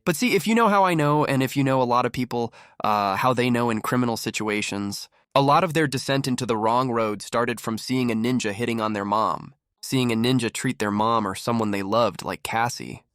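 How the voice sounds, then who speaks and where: A man hosting a commentary channel, talking in a mocking, animated way and acting out quotes. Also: medium pitch, a little fast, few pauses, dry recording, clean studio sound. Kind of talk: reactive commentary.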